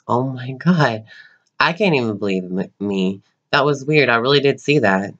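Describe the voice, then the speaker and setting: A young man telling personal stories to his camera in a halting, rambling way, with many ums and restarts. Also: mid-range voice, expressive, a bit bright, lo-fi sound. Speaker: vlogger.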